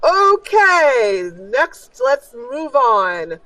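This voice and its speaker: A woman's voice: high-pitched, big pitch swings, extremely slow, bright, forceful tone, dry recording, recorded from a distance, voice pushed up, heavily acted, poor audio. A woman voicing a fussy male circus ringmaster who stammers and gushes over the contestants in a tabletop game. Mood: flustered announcing. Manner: flustered, stammering, gushing.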